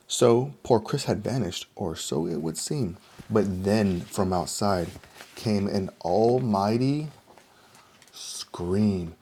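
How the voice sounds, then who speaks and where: Male picture-book reader, rhythmic rhyme, dark husky low voice. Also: slow. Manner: steady, rhythmic storytelling. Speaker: storybook reader. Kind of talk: rhyming picture-book read-aloud.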